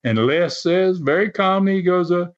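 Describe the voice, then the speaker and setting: Man, casual storyteller, animated, chuckling, higher voice, muffled lo-fi sound. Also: moderate pace. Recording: dull lo-fi recording.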